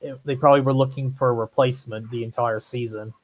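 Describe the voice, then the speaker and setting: A man co-hosting a podcast, chatting casually in a relaxed, agreeable way, often filling pauses with "like". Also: mid-range voice. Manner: relaxed, agreeable, lots of fillers like "like". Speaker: podcast co-host. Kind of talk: casual chat.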